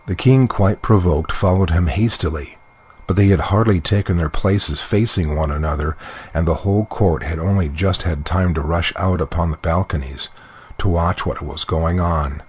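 A man narrating a fairy tale with steady, descriptive storytelling. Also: low-pitched, breathy edge. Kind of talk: storybook reading.

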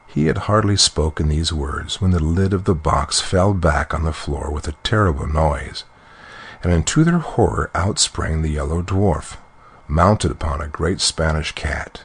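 A man narrating a fairy tale with steady, descriptive storytelling. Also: very deep voice, a little slow, breathy edge. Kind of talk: storybook reading.

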